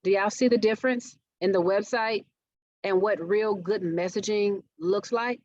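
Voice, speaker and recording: A woman delivers a marketing workshop at an unhurried pace, her mid-range voice slightly mellow. She engages listeners by frequently asking them questions. The dry, dull webinar audio carries a little hiss or hum.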